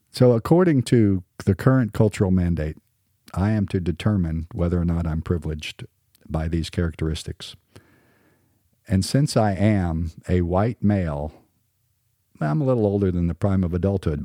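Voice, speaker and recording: A man's voice: low-pitched, normal speed, pauses often, warm tone, no room sound, studio quality. A middle-aged man from the American South with a mostly standard American accent, hosting a podcast in a scripted monologue with wry, sarcastic asides. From Southern United States. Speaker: podcast host.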